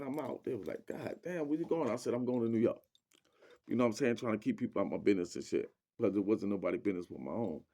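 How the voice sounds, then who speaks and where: A man's voice: medium pitch, dark tone. A young man telling a story in a casual, rambling way, full of slang and fillers, quoting people as he goes.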